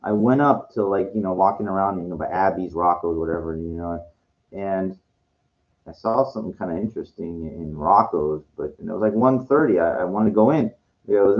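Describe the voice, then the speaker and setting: Man, lower voice, rambling frustrated vlog monologue, dull lo-fi recording. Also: fairly quick. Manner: rambling, repetitive, frustrated, many restarts. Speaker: vlogger.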